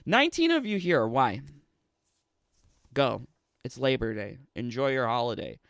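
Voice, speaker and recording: A man's voice: medium pitch, wildly swooping pitch, unhurried, fairly bright tone, clear, resonant tone, no echo, clean studio sound. A man with a Canadian accent, streaming and ranting casually, sarcastic and laughing often between phrases. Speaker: streamer and commentator. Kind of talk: casual livestream rant.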